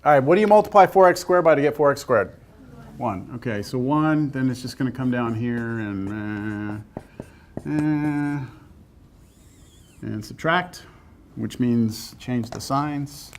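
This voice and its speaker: A man's voice: mid-range voice, takes it slowly. Joking man teaching calculus. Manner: casual, joking, thinks aloud. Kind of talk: classroom lecture. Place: classroom.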